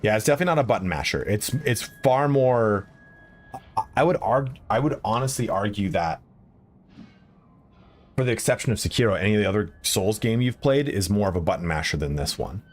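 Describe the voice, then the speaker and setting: A man's voice: fairly low pitch, expressive, fairly quick. A man streaming a video game, chatting casually with viewers and swearing when the game beats him. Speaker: gaming streamer. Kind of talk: casual live-stream commentary while playing. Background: faint game music.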